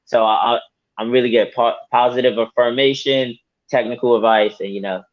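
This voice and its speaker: A man, a fighter, talking casually in an interview, animated and laughing often. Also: mid-range voice, a little fast. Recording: dull lo-fi audio.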